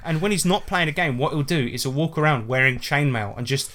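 A man's voice: on the high side, fairly quick, fairly bright tone. Rambling man swearing freely. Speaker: podcast host. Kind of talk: casual podcast chat.

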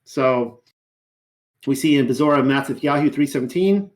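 Man, mid-pitched, scripted scripture commentary, wry humor, measured delivery. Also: darkish tone. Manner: wry, dryly humorous asides; measured reading voice, slows for quoted scripture. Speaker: teacher reading and commenting on scripture.

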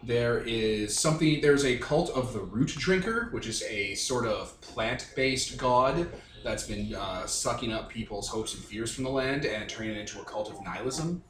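A man's voice: mid-range voice, moderate pace. Man, game master, rambling narration, filler-heavy, echoey room, faint background hiss.

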